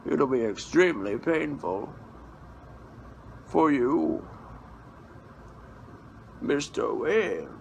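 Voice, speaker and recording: A man impersonating a cold, imposing masked male villain, speaking slowly in a muffled, deep whisper. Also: very animated, vocal fry, slight background noise, full character voice. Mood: menacing.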